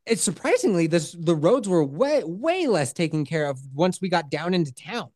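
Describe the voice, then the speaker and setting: A woman's voice: on the low side, very animated, normal speed, darkish tone, dry recording, studio quality. A woman co-hosting a podcast, telling a long story in a casual way, cursing freely and acting out what other people said. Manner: swears freely and acts out other people's voices. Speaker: podcast co-host.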